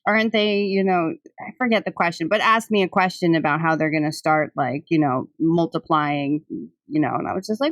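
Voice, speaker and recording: A woman's voice: deep voice, fairly even intonation, fairly quick, dry recording. A young woman hosting a podcast, chatting casually with many fillers and frequent laughs. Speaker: podcast host. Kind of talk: casual chat.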